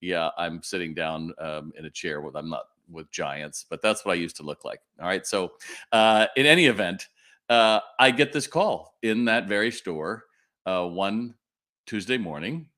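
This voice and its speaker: An older man with a slightly low voice hosts a live webinar. He tells his stories in a chatty, animated way and acts out the people in them. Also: moderate pace. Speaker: retail sales trainer and webinar host.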